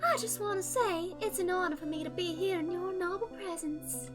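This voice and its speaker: A woman's voice: very high-pitched, normal speed, music in the background, pitched above the performer's own voice. A woman voicing a scheming young woman who puts on a syrupy Southern US accent, for a game playthrough. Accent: put-on Southern US. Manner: syrupy, falsely sweet.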